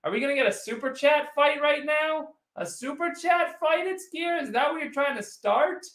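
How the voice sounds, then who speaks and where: Here the sports stream host sounds very high-pitched and a bit bright, speaking at a moderate pace. The room echoes as he rambles and teases his way through a relaxed postgame show, addressing viewers' chats one by one.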